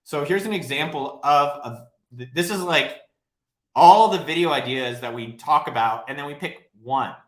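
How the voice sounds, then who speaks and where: A man's voice: fairly high pitch, normal speed. Profane, rambling man on a live stream. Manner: profane, blunt, rambling and animated. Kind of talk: casual livestream Q&A. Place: home office, livestreaming. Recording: roomy echo.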